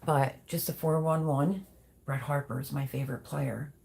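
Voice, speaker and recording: A woman's voice: deep voice, fairly even intonation, moderate pace, creaky, darkish tone. A middle-aged woman hosting a casual livestream, chatting and reading out viewer comments in a rambling, talkative way. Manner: chatty, rambling, thinks aloud.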